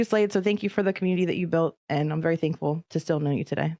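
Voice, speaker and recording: A woman's voice: low-pitched, fast talker, dark tone, dry recording. A woman co-hosting a casual podcast, speaking heartfelt and close to tears. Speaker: podcast co-host.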